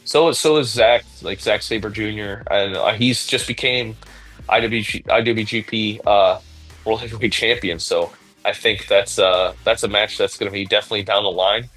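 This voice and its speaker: A man with a fairly low voice answers interview questions as a pro wrestler, worn out from a day of training. He rambles, laughs between thoughts and speaks with open feeling. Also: steady tone, moderate pace, fairly bright tone, faint music behind, low-quality recording. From Puerto Rico and United States. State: tired after training.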